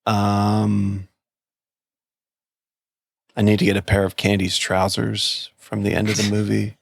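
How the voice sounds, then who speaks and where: A man's voice: lowish voice, completely flat delivery, takes it slowly, vocal fry, breathy edge, dry recording, clean studio sound. A man co-hosting a podcast, chatting casually about a film with lots of fillers and restarts. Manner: rambling, many fillers, acts out quotes. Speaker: podcast co-host.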